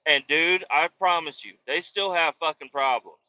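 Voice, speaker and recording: A man's voice: on the high side, moderate pace, bright, forceful tone. A man hosting a podcast, telling a rambling, profane story in a casual comedic rant. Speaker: podcast host. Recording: dull lo-fi dry recording.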